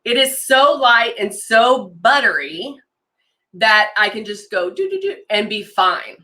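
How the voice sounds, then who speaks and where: Bright-voiced woman demoing makeup live. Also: a little high, big pitch swings, a little slow. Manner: chatty and enthusiastic, reads out viewer comments. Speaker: makeup consultant hosting a live demo. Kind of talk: casual live-stream product demo.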